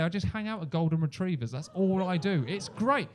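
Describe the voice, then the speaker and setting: A young male comedian works a club stage through a handheld mic. His voice sits a touch high, and he keeps it lively, jumping into loud, high-pitched impressions of the people in his stories. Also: a little fast, hardly any pauses. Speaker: stand-up comedian. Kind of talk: stand-up comedy set.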